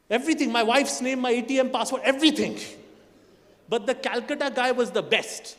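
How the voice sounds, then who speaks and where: A man in his forties with an Indian English accent, performing a stand-up comedy set and teasing the crowd in an animated way. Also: very high voice, normal speed, long pauses. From Kolkata, India. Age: 40s. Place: stage in a large hall. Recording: stage mic in a reverberant hall.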